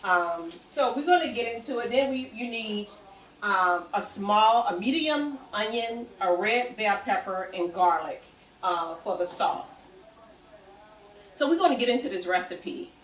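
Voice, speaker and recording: A woman's voice: mid-range voice, expressive, unhurried, roomy sound, recorded from a distance, slight background noise, poor audio. A woman giving a casual cooking vlog in her home kitchen, chatting in a rambling way and correcting herself as she talks. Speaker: cooking vlogger.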